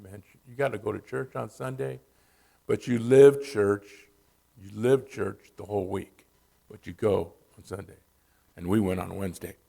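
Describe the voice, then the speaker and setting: A man's voice: on the low side, gravelly, breathy edge. A man from Southern California telling personal stories at a church in a casual, conversational way. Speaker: church speaker.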